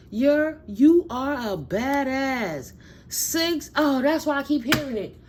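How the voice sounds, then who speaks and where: A woman tarot reader who reads slow affirmations in a soft voice and then talks in loud, excited slang to her viewers. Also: high-pitched, a little hiss or hum. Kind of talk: spiritual reading with affirmations.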